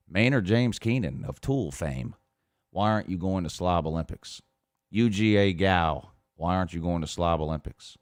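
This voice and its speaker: Male show host with a very deep voice, casual and mocking, reading viewer comments in a dry, close recording. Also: lively intonation, moderate pace, no echo. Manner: mocking, laughs often while reading. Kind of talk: casual chat.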